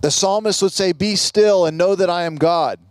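A man preaching a sermon as pastor, teaching earnestly with quoted prayers and pauses. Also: high voice, clear, resonant tone.

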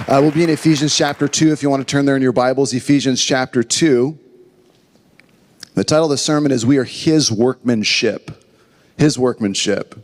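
Earnest pastor, man with higher voice. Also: long reverb tail. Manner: earnest, conversational preaching with told jokes. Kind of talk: sermon. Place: church building.

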